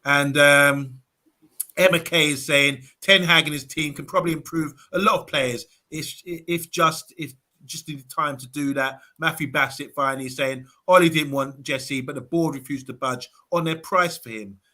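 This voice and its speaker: A man's voice: fairly high pitch, fairly even intonation, normal speed, pushed and bright. A man on a live fan show, reading viewer comments aloud in a casual way with lots of ums and uhs. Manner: reads comments aloud with many fillers. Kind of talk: casual live-stream chat.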